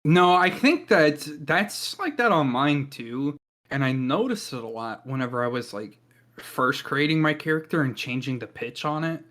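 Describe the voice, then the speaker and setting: A man's voice: on the high side, animated, normal speed, fairly bright tone. A man chatting casually on a podcast in an easygoing, rambling way. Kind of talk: casual chat.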